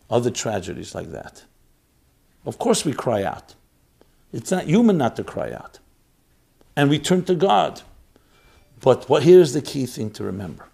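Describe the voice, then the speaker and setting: Man, rabbi, Torah talk, gravelly voice, slightly high, emphatic, rhetorical questions. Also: darkish tone.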